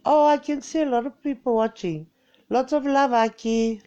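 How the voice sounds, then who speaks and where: A woman's voice: high voice, moderate pace, mellow, dull audio. A woman with a Greek accent chatting in a rambling, forgetful way on a live stream, slipping into Greek now and then. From Greece. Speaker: vlogger. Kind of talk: casual live-stream chat. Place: home, indoors.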